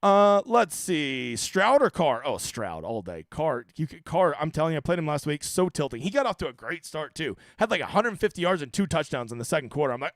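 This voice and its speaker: A man's voice: fairly high pitch, sing-song, fast, hardly any pauses, fairly bright tone, no room sound, clean studio sound. A man hosting a fantasy sports stream, casually answering chat questions in a loose, profane, joking way with frequent stammers.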